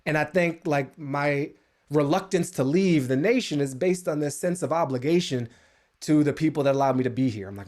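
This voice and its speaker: An American man giving a comedic monologue as a guest speaker, sarcastic and animated, with sudden jumps up in pitch, speaking over a video call. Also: moderate pace. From United States.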